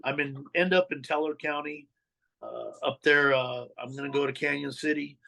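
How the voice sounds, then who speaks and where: Fast-talking middle-aged man telling street stories. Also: a little high, steady tone, vocal fry, sharp tone, low-quality recording. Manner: street slang, swears, acts out quoted dialogue. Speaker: podcast guest telling his life story. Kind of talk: candid storytelling interview.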